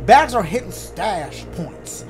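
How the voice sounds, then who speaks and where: A man hosting a gaming video, reacting loudly and excitably to the game, with plenty of swearing and joking. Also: high-pitched, slow, faint music behind. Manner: excitable, loud, profane, joking. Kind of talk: let's play commentary.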